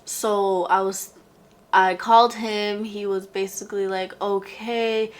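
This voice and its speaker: Brief: young woman vlogger, unhurried, chatty storytime voice with lots of fillers. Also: medium pitch, little pitch movement. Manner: chatty, heavy "like" filler, talks to viewer as "girl". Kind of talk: casual storytime monologue.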